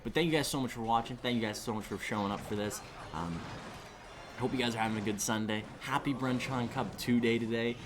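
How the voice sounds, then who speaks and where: A man giving live esports commentary on a stream, excitable and rambling, often restarting his sentences. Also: mid-range voice, brisk. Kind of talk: live esports commentary with chat shout-outs.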